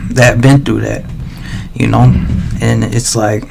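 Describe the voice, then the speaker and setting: Guy streaming, rambling and cussing, gravelly voice, bit of hiss behind. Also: medium pitch, little pitch movement, measured pace. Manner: rambling, slangy, swears a lot, many restarts. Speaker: livestreamer. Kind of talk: casual rambling monologue.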